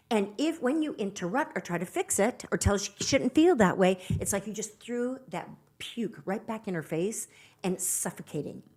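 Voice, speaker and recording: An earnest woman coaching on relationships in a podcast chat, with a voice of middling pitch. She speaks emphatically and slips into little acted quotes to show what to say. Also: darkish tone, husky. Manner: earnest, emphatic, acts out quoted lines in dialogue. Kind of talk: podcast conversation giving advice.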